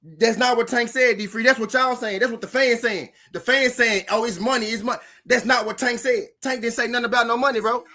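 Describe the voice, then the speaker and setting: A man's voice: extremely high pitch, steady tone, fairly quick, few pauses, sharp tone. A man hosting a boxing commentary channel, ranting casually and heatedly to his viewers, repeating himself and swearing. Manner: repetitive, profane, heated, talks straight to viewers. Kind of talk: casual reaction rant.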